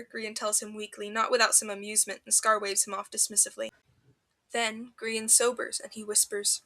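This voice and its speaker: A woman reading fanfiction aloud for a podcast, in an expressive storybook narration. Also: medium pitch, normal speed.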